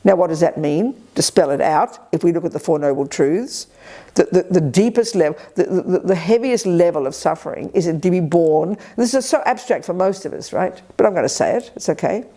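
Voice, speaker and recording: Blunt, energetic woman teaching Buddhism. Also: on the low side. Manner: energetic, blunt and sharp, with quick asides and colloquial swearing. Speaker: Buddhist nun teaching a retreat. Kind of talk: dharma teaching to a live group. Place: retreat center hall.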